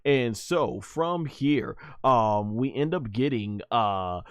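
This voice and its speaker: A man recapping and reviewing an anime episode in a casual, animated way, laughing often and full of fillers and restarts. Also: mid-range voice, takes it slowly, clear, resonant tone, dry recording, clean studio sound.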